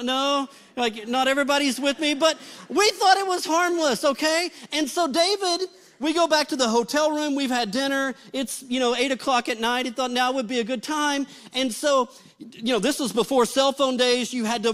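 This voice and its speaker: A middle-aged male pastor telling a funny story in a sermon, acting out the quotes with lively energy. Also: very high voice. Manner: animated, comic retelling with acted-out quotes.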